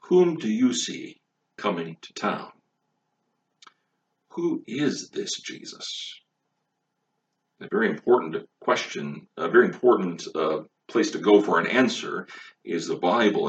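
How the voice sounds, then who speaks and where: A man preaching a sermon, emphatic and full of rhetorical questions, recorded on a distant mic with a dull, lo-fi sound. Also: low voice. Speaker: pastor.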